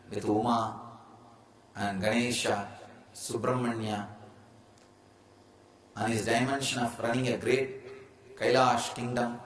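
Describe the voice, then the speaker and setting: A man's voice: medium pitch, fairly bright tone, slight background noise. A man with an Indian English accent giving a spiritual discourse, speaking in emphatic, declarative statements. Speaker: spiritual teacher. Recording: echoey room with faint ambience.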